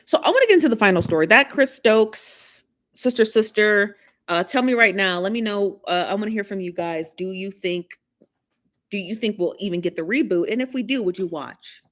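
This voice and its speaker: A woman's voice: medium pitch, lively intonation, moderate pace. Chatty woman hosting a livestream. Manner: chatty, laughing, teasing the chat. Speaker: live show host. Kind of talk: casual livestream chat.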